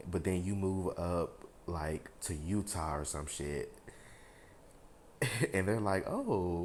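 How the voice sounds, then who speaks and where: A man with a very deep voice gives a casual tarot reading to his viewers. He rambles, leans on fillers and talks frankly, with a bit of swearing. A faint hiss sits under the recording. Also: a little mellow. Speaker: tarot reader.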